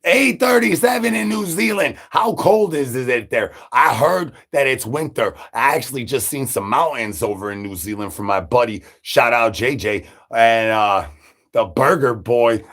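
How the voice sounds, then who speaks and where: Male livestreamer, breathy mid-pitched voice, absurd zombie-persona patter. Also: unhurried, fairly bright tone. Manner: rambling, silly catchphrases, sudden pitch jumps. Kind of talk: absurd live-stream banter.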